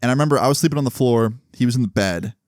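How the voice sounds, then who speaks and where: A man telling a story in a casual storytime vlog, animated and full of swearing and fillers. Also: mid-range voice, rapid-fire, dry recording, clean studio sound.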